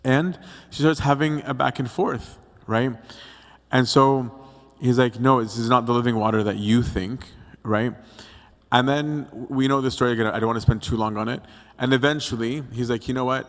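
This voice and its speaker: A man's voice: medium pitch, steady tone, normal speed. A young adult male priest giving a casual, conversational youth talk on scripture. He acts out the quotes and keeps checking in with "right?". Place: church hall. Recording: long hall reverb.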